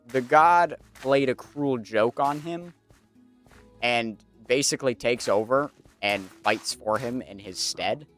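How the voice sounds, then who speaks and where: A man's voice: medium pitch, a bit bright. A man streaming a game, chatting casually and rambling with many fillers. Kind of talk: casual commentary while gaming.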